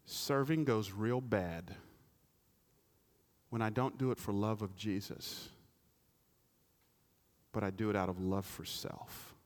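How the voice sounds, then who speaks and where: A man's voice: on the low side, slow, pauses often. A male pastor preaching a sermon, telling stories and asking the congregation pointed rhetorical questions.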